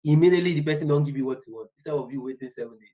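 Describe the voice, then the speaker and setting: A man's voice: on the high side, rapid-fire, dark tone. Rambling man teaching a class, lo-fi. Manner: rambling, repeats words, acts out small workplace dialogues. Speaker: business analysis instructor. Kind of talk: casual online lecture.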